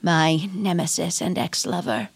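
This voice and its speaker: A woman's voice: on the low side, lively intonation, a little slow, husky, no room sound, heavily acted. A woman playing a grand old-Hollywood actress and pushy stage mother, speaking in a haughty, theatrical way with a mid-Atlantic accent. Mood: grandiose.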